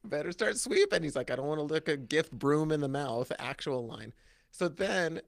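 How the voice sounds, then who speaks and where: A man chatting casually on a podcast, telling a story in an animated way, acting out quotes in high voices and laughing often. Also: moderate pace, no room sound, studio quality. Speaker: podcast co-host. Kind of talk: casual chat.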